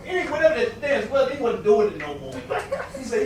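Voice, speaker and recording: A man tells a story in a loose, casual way, lifting his pitch sharply and shouting when he acts out the characters. He sounds distant from the mic in a heavily echoing room. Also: a little fast. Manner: animated, acts out quotes with big pitch jumps and shouts. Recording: very echoey room, recorded from a distance.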